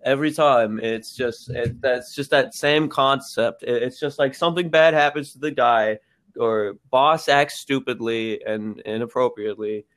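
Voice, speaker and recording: A man's voice: medium pitch, a little slow, fairly bright tone. A young man retelling online videos to his friends in loose, casual chat. He rambles, restarts and swears freely, now and then slipping into exaggerated voices for the people in his stories. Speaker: podcast co-host.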